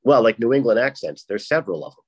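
A guest author from Rhode Island, with the accent to match, chats casually on a panel, rambling and restarting often. His mid-range voice is expressive, husky, and a little mellow, and he talks fast. The recording is low quality but free of echo.

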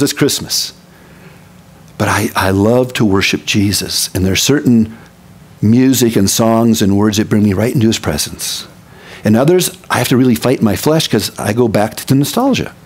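A middle-aged male pastor from Minnesota giving a casual, folksy sermon with candid conversational asides. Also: fairly high pitch.

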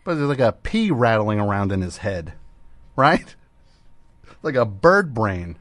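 A man's voice: on the low side, very animated, unhurried, fairly bright tone, no echo. A male radio host riffs on a clip in a sarcastic, mocking way, often breaking into laughter. His voice swoops around animatedly, and the studio recording sounds close and dry. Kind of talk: comedic radio commentary.

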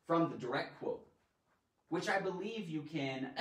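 A man hosting a live online grammar lesson in a playful, animated way, tossing in silly sound effects. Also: on the high side, measured pace. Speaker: grammar teacher and show host. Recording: roomy echo, mic at a distance.

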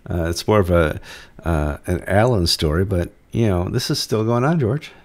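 A man with a fairly low voice runs a relaxed news chat. He brings up stories in an easygoing way and drops dry quips between them. The tone is unhurried and conversational. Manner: easygoing, leading the talk with quips. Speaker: news show host and reporter. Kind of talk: casual news banter.

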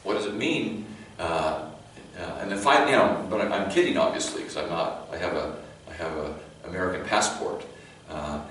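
A low-voiced man with a Californian accent preaches a conversational sermon that often restarts mid-thought and slips in light jokes. He sounds set well back from the microphone, his voice ringing through a very echoey church hall over a faint background noise. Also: far from the mic. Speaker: pastor. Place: church sanctuary.

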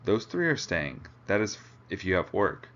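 A man reading aloud, voicing a calm, reassuring male mountain guide. The recording sounds dull and lo-fi. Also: deep voice, normal speed.

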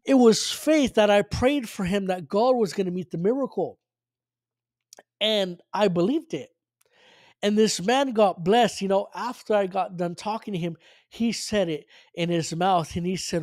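A high-pitched man preaches in an earnest storytelling way, restarting phrases and leaning on fillers as he recounts a testimony. The sound is close and dry, with no room echo. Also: measured pace. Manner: earnest, retelling dialogue with frequent restarts and fillers.

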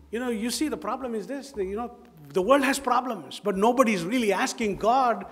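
Indian English male pastor, high voice, emphatic, repeats lines for effect, long church-hall echo. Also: normal speed, few pauses, fairly bright tone. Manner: emphatic, repeats phrases, asks the congregation rhetorical questions. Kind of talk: sermon. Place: church sanctuary.

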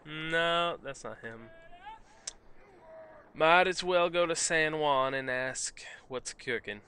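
A man's voice: a little high, slow pace, pushed and bright, slight background noise. A young man giving playful, casual commentary while playing a game, with cheering outbursts. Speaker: let's play host. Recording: game music playing behind.

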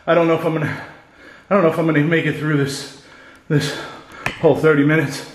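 Freaked out guy ghost hunting alone, kinda high voice, swearing a lot, super echoey room. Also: brisk. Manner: frightened, excitable, swearing, repeating himself. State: shaky and scared. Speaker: paranormal vlogger. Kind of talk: solo ghost-hunting vlog. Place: empty house indoors.

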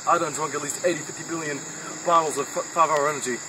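A young man doing a goofy comedy sketch, bragging in a deadpan way, recorded outdoors. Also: a little high, rapid-fire. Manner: goofy, deadpan self-praise. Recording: outdoor insect noise behind.

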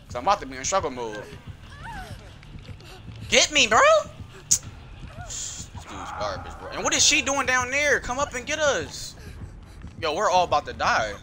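A man giving excitable gameplay commentary, yelling and complaining in slangy talk. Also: a little high. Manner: slangy, frequent "bro". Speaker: gamer.

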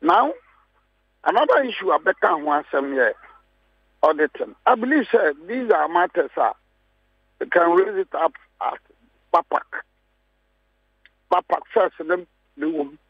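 Husky Ghanaian man making emphatic points. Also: high voice, sing-song, a little slow, long pauses, no echo. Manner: emphatic, repeats key phrases. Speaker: political guest. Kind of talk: heated radio panel talk. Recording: muffled dry studio sound.

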